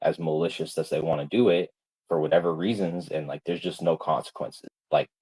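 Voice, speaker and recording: A man's voice: very deep voice, fairly even intonation, a little fast, a little mellow, poor audio. A man ranting in casual talk, packed with "like" fillers and swearing, and stressed. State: stressed, subdued. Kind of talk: casual livestream rant.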